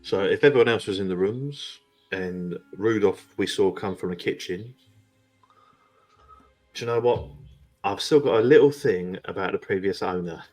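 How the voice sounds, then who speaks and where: A man chatting casually at a tabletop game, voice on the low side, often breaking into a laugh. Faint music sits behind him. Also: normal speed, long pauses, darkish tone. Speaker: player.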